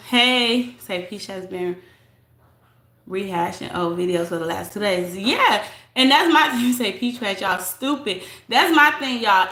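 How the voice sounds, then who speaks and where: A woman's voice: medium pitch, sharp tone, roomy sound. A woman hosting a casual live stream, talking straight to her viewers in a chatty, blunt way and reading their comments aloud. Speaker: livestream host reading chat.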